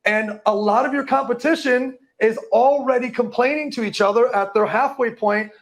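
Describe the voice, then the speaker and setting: A man giving a live motivational talk to an audience, hyped and profane, tripping over words now and then. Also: high-pitched. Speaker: motivational speaker.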